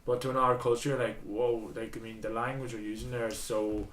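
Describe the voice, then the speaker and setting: Irish man, mid-pitched voice, thoughtful and hesitant, sits back from the mic, echoey room. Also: flat delivery, a little fast, a bit bright, recorded from a distance. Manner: reflective, searching for words. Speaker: podcast host. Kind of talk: casual podcast conversation.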